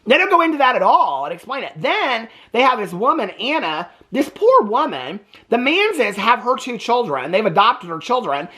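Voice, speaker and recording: Casting: male reaction host, lively swooping delivery, exasperated and chatty. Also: very high voice. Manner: animated, exasperated, talks in quick asides. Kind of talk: casual commentary recap.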